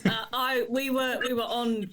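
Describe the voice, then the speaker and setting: A woman hosting a podcast over a video call, chatty and quick to laugh. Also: on the high side, little pitch movement, background noise. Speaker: podcast host. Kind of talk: casual podcast chat.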